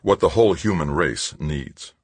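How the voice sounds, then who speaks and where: A man's voice: a bass voice, normal speed, husky, no room sound. A man voicing a terse, grave male visionary who speaks of the survival of humankind. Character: calm visionary man with urgent message.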